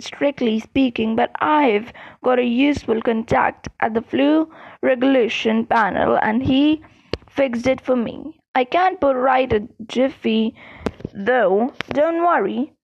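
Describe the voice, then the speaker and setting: A woman's voice: high-pitched, creaky, no echo, lo-fi sound, full character voice. A woman voicing a cheerful, fussy middle-aged wizard father who talks eagerly and apologetically.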